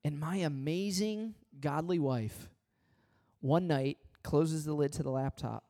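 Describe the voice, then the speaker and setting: A man's voice: a little high, slow pace, warm tone. A middle-aged man preaching a conversational sermon, emphatic and full of repetition and anecdotes. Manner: emphatic, repetitive, anecdotal, talks straight to the congregation. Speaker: pastor.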